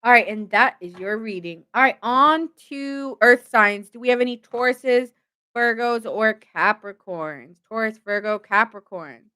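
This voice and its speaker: A woman's voice: fairly high pitch, a little slow, pushed and bright, clear, resonant tone. Chatty woman giving a live tarot reading. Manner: chatty and playful, laughs often, greets viewers. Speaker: tarot reader hosting a live stream.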